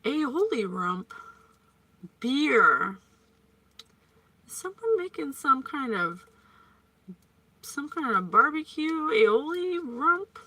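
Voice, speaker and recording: Bright, slow-talking woman psychic reader. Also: high voice, very animated, dry recording. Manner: chatty, playful, prone to tangents and giggles. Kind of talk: casual psychic reading monologue.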